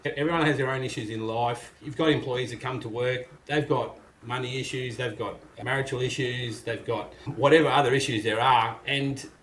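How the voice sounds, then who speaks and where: A man's voice: medium pitch, fairly even intonation, normal speed, few pauses, fairly bright tone. Blokey Australian tradesman, echoey room. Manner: blokey, frank, acts out what people say in a gruff voice. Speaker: podcast guest, carpenter and business owner. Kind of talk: casual interview chat. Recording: echoey room with faint noise.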